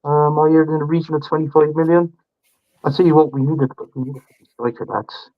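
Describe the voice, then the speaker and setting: Flat-voiced guy, dull sound. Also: on the high side, fairly quick. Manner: hesitant, lots of fillers. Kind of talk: casual chat.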